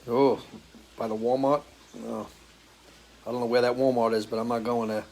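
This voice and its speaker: A man's voice: mid-range voice, little pitch movement, normal speed, darkish tone. A man hosting a live stream as a musician, chatting casually and answering viewer comments, loose and swearing freely. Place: home, living in Florida.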